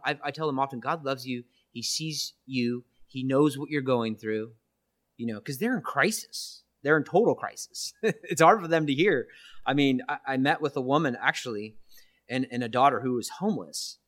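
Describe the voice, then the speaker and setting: A man's voice: mid-range voice, fairly bright tone. A church minister preaching an earnest, reflective testimony, often checking in with his listeners with "right?". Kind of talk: sermon-style testimony.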